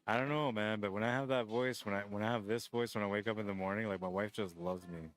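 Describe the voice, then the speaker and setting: A man with a deep, just-woke-up voice, rambling and joking as he runs a pool tournament stream and calls the shots, short on sleep. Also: fairly even intonation, quick pace. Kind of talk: casual live-stream commentary.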